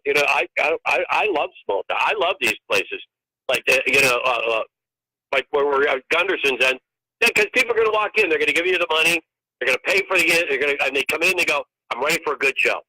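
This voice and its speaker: A man's voice: on the high side, pushed and bright. An older man, a touring comedian, telling profane road stories on a phone call. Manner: profane, ranting storyteller. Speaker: guest comedian. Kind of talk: casual storytelling. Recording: tinny phone line.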